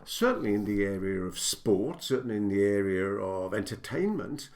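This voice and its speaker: A man's voice: fairly low pitch, sing-song, normal speed, darkish tone. An older man, a business coach, giving a direct-to-camera teaching talk, stressing his points and building them in repeated lists.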